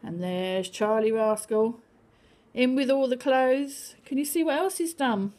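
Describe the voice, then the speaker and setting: An older woman reading a picture book to young children, sing-song and animated, now and then dropping to a whisper. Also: on the high side, unhurried.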